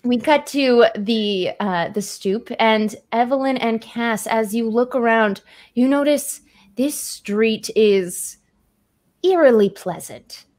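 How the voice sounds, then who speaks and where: A woman's voice: fairly high pitch, slow pace, darkish tone. A woman narrating a tabletop horror game as game master, chatty with many fillers.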